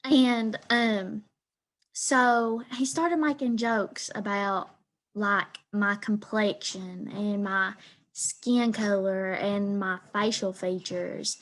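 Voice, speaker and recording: A teenage girl with an Eastern Kentucky accent, retelling a partner's story in first person, hesitant with frequent ums and pauses. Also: mid-range voice. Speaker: student storyteller.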